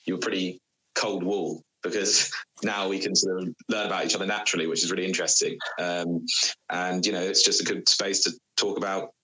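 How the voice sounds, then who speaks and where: A man from England with a Bristol accent, a guest in a casual podcast chat, friendly and quick to laugh. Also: sits low, flat delivery, bright, forceful tone, rough recording. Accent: English, Bristol.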